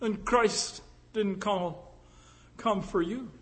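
A man preaching a sermon in a noticeably high voice. He takes his time, leaning on long pauses, and moves between quiet, probing questions and fervent, emphatic appeals. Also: breathy edge. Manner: rhetorical questions, swelling from hushed to fervent. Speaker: pastor.

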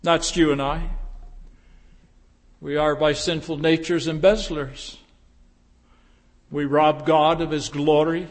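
A man preaching a sermon, slow and deliberate, with emphatic rises into impassioned pleading. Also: a little high, little pitch movement. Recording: long reverb of a large hall.

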